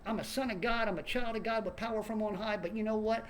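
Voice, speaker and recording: A man's voice: high-pitched, steady tone, quick pace, slight background noise. A man in an angry, swearing political rant who keeps stumbling over and repeating words. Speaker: online commentator.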